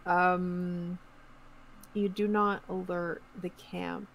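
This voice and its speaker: A woman game master narrating a tabletop game in a relaxed, descriptive, chatty way. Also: fairly low pitch, very slow, creaky, slight background noise, poor audio.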